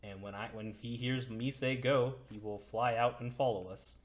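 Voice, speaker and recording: A game master voicing a brisk, no-nonsense female hippogriff handler giving matter-of-fact instructions. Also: mid-range voice, fairly even intonation, natural voice.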